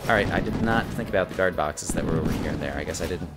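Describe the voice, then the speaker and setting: Game music fills the background while a man hosting a gaming video chats casually through his playthrough. He's fast, prone to verbal stumbles, easily excited, and pitched low.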